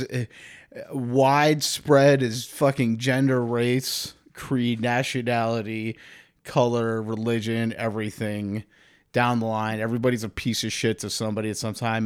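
A man's voice: medium pitch, darkish tone. A man hosting a podcast, talking in a rambling, profane, comedic monologue. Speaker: podcast host.

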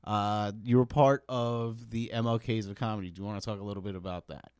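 A man's voice: lowish voice, fairly even intonation, fairly quick, darkish tone, clean tone, dry recording, clean studio sound. A man in his thirties hosting a podcast, chatting casually and swearing freely. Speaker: podcast host. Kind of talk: casual interview chat.

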